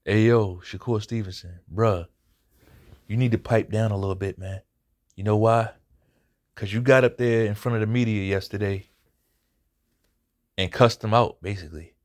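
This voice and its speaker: This fairly low-pitched man speaks at a moderate pace, pausing often, as he casually breaks down a fight for his own boxing channel. His darkish voice carries blunt remarks, frequent profanity, and points repeated for emphasis.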